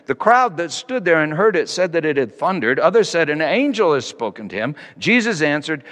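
A man preaching a sermon in a reflective way, slowing down to stress key phrases. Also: sing-song, a bit bright. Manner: reflective, wide-ranging pitch, slows for emphasis. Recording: long reverb of a hall.

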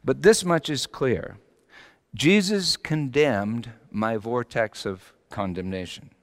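A man preaching a sermon as pastor, confessional and swinging from quiet reflection into animated, rising intensity. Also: mid-range voice, slow. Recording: long hall reverb.

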